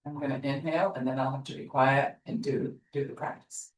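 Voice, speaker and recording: A woman yoga teacher giving slow, soothing guided instructions in an online class from her studio. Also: rumbling low, fairly even intonation. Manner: slow, soothing guidance with soft pauses. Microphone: distant laptop mic on an online class. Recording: roomy, distant sound from far off.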